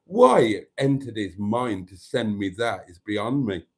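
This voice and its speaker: A man's voice: lowish voice, very animated, unhurried, darkish tone, husky. Chatty man hosting a live stream. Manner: chatty, reads viewer comments aloud and greets them. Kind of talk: casual live stream chat reading comments.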